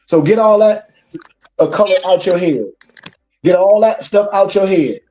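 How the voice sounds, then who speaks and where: A man's voice: sits high, moderate pace, warm tone. A man lecturing his class as a minister, emphatic and preacherly, repeating his points for weight.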